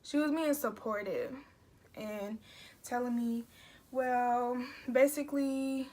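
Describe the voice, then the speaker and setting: A young woman talks straight to camera in a casual storytime vlog. She rambles and restarts her sentences, piling up fillers as she relives an emotional story. Her voice sits a little on the high side. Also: takes it slowly, mellow. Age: young adult. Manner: chatty, emotional retelling with many fillers and restarts. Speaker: vlogger.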